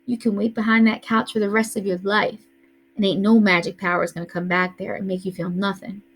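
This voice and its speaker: A woman's voice: mid-range voice, little pitch movement, brisk, husky, low-quality recording. A woman reading aloud voices a tough, bossy teenage older brother who scolds in a streetwise way. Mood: lecturing.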